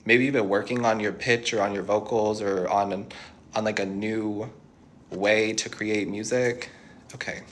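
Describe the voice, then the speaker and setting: A man's voice: on the low side, fairly even intonation, measured pace, fairly bright tone, a little hiss or hum. Man giving a musing tarot reading. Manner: reassuring, musing, thinks aloud. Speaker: tarot reader. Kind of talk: channeled tarot reading to viewers.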